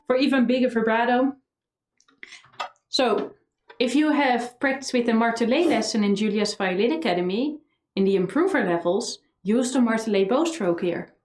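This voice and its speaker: A woman with a slightly high voice teaches violin with lively energy, often singing phrases to show the bowing. The room echoes, and a violin sits faintly behind her voice. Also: moderate pace, faint music behind. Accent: Dutch. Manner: energetic, sings melodies on "da". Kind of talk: instructional tutorial.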